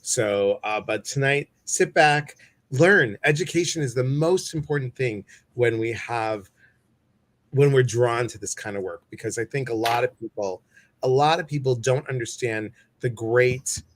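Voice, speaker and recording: A man's voice: mid-range voice, unhurried. A man hosting a live stream, chatting casually, greeting viewers and reading their comments, with many fillers. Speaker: host.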